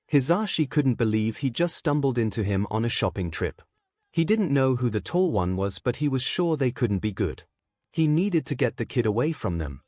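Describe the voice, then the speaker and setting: A man reading a fan-fiction story aloud as a narrator, in a measured storytelling way. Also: mid-range voice, a little mellow, no echo, studio quality.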